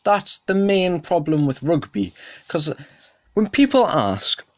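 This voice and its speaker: A man's voice: slow pace, dry recording. Young man ranting on a podcast. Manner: animated, indignant ranting, jumping up in pitch and volume. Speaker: podcast host. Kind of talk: casual solo podcast rant.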